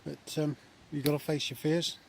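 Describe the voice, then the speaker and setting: A man talking casually in a relaxed, chatty way with many fillers, filming a vlog at a woodland camp outdoors. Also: on the high side, moderate pace, creaky. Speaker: vlogger. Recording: outdoor recording with faint nature noise.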